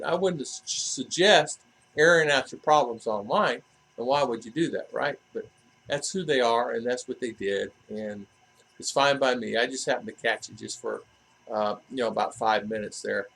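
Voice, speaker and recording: A man's voice: medium pitch, normal speed, creaky, a bit bright, slightly rough, low-quality recording. A man vlogging in a casual, rambling monologue, often restarting his sentences and adding asides. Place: living in the Philippines.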